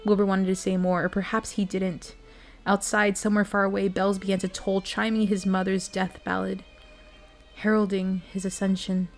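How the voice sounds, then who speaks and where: A woman's voice: mid-range voice, little pitch movement, fairly quick, a little mellow, faint music behind. A young adult woman streamer reading a bedtime story and chatting with her viewers, earnest and emotional.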